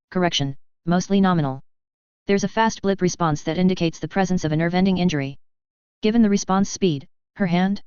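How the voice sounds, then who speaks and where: A woman's voice: lowish voice, a little mellow, smooth, no echo. A woman reading first-person fan fiction aloud in a casual, wry way, with dry asides. She speaks close to the mic, and the recording is slightly dull and lo-fi. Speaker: reader.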